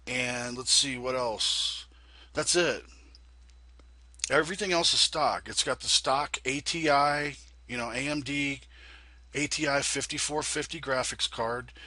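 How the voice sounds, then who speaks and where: A congested man talks through a computer tutorial in a loose, folksy ramble, often restarting his sentences. His voice is husky and bright, with a hoarse edge. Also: mid-range voice, no echo. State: congested from a sinus infection. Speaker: flight sim video host. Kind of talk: casual tutorial talk.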